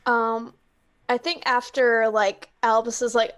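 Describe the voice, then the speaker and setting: A woman's voice: a little high, steady tone, a little slow, dry recording. A woman playing a tabletop game, chatting and thinking aloud about what her character does. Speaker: player.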